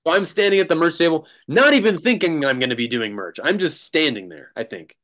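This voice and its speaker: A man's voice: fairly high pitch, animated, brisk, a bit bright. A man, a drummer as guest, telling a rambling story in casual chat, laughing and restarting often.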